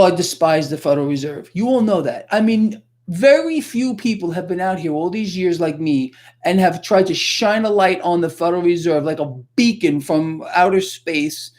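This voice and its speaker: A man hosting a livestream, ranting in an animated, sarcastic way that flares into loud outbursts. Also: sits high. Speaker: livestream host. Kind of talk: unscripted livestream rant.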